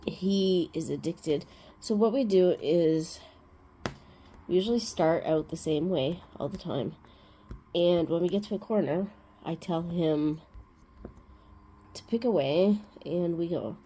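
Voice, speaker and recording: Woman host, casual rambling storyteller, lowish warm tone. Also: a little slow, pauses often, slight background noise. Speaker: crafting vlog host. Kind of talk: casual chat.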